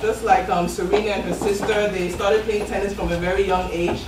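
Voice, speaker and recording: A woman's voice: mid-range voice, steady tone, brisk. Encouraging woman heard far off in a roomy space. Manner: encouraging, hesitant with ums. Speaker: event host. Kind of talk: motivational talk. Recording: echoey room, far from mic, noisy.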